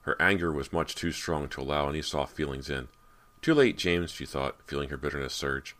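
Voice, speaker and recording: Brief: male audiobook narrator, extremely low voice, measured and steady horror storytelling.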